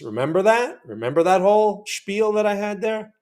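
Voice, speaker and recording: A man with a slightly higher-pitched voice hosts a live trading session. He talks casually and often asks his viewers to remember earlier trades. He gets worked up and talks straight at the price chart as he trades. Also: big pitch swings, normal speed, darkish tone. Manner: chatty, keeps asking viewers to remember. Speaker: trading channel host. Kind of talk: live day-trading commentary.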